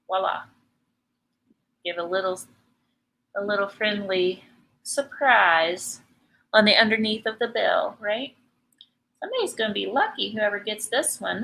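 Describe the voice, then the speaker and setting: A woman's voice: medium pitch, sharp tone, poor audio. A middle-aged woman chatting and teasing her viewers while teaching painting in a live tutorial. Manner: chatty, teasing, laughs often.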